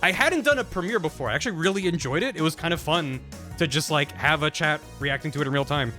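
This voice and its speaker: A man's voice: fairly high pitch, animated, fast talker, sharp tone, soft background music. A young man chatting casually on a live stream, rambling with frequent stammered restarts.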